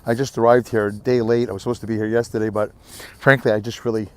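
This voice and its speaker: A man's voice: lowish voice, little pitch movement, fast, clear, resonant tone. A tired middle-aged man rambling candidly in a casual vlog, filmed at arm's length on a windy beach. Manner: rambling, candid, self-deprecating. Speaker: vlogger.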